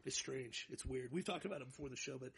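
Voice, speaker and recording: This man, a thirtysomething podcast co-host, has a gravelly, husky mid-range voice and speaks quickly. His delivery is lively and relaxed, full of jokes and self-hype.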